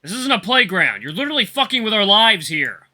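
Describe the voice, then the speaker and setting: A man voicing a gruff, menacing male wolf butcher who snarls and scolds harshly. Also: high voice, sing-song, brisk, background noise, pitched above the performer's own voice. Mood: angry snarling.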